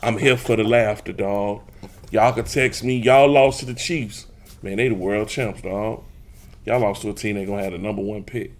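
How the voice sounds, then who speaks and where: A man's voice: fairly low pitch, steady tone, moderate pace. A man from hosting a sports talk show, teasing rival fans in a boastful, casual way and speaking straight to his listeners. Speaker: podcast host. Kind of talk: trash-talking casual sports chat.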